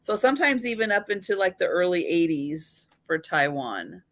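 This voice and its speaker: A woman's voice: fairly low pitch, sing-song, moderate pace, no room sound. A woman hosting a live vintage sale, chatting easily, laughing often and counting down the sales. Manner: easygoing, laughs often, runs the auction countdown. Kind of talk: casual chat.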